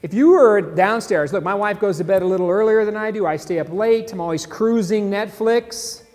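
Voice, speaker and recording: Casual, jokey male stream host; high voice, reverberant room. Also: normal speed, darkish tone. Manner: chatty, jokey, laughs at memes. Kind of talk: casual live-stream commentary. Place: San Antonio, Texas.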